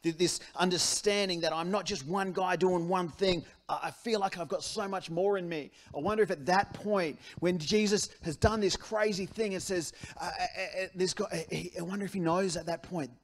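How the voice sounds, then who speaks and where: A pastor with an Australian accent delivering a sermon in church, in a conversational, animated style that repeats key phrases. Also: male voice, sits high, moderate pace, few pauses.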